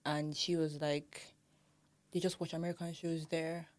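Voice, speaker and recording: A young woman with a Nigerian accent chats casually as a podcast co-host, her voice sitting a little low. She gets animated, laughing often and acting out how others pronounce words. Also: a little slow. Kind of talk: casual chat.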